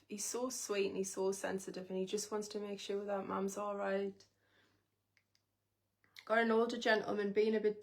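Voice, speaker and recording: A woman's voice: medium pitch, a little mellow. A woman giving a live spiritual reading, talking in an emotive, intimate way and speaking straight to the viewer. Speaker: psychic reader on a livestream.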